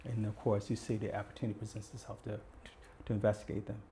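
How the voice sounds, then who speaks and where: A man's voice: fairly low pitch, flat delivery, fast, dark tone, slight background noise. An older man from Baltimore, a retired police detective telling stories as a guest and acting out the lines of the people in them. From Baltimore, USA. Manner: vivid storyteller who acts out quoted dialogue. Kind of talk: conversational storytelling.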